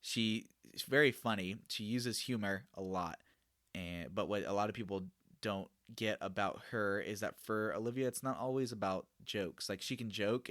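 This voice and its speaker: A man's voice: lowish voice, fairly bright tone, dry recording, studio quality. A young man hosting a casual Q&A podcast, talking earnestly and rambling with frequent self-corrections about mentoring students. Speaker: podcast host and youth discipler.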